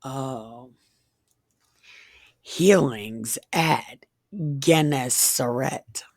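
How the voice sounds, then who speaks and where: A woman giving an irreverent comedic Bible reading, mixing deadpan recitation with crude joking asides. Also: rumbling low, drawn-out words, dry recording. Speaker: comedic scripture reader.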